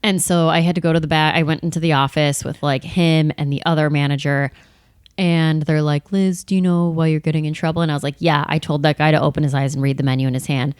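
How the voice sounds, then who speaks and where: A woman in her thirties chatting on a podcast, telling work stories in a lively way and acting out the people in them. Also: low voice, fast talker, clean tone, dry recording, clean studio sound. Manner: animated storytelling, acts out bar customers and managers. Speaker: comedian guest. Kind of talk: casual podcast chat.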